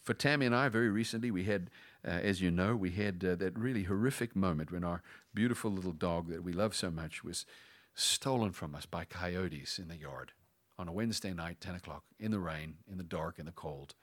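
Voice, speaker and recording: Low-voiced man preaching a sermon. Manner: preaching with dramatic pauses, dropping to a whisper at times. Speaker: pastor.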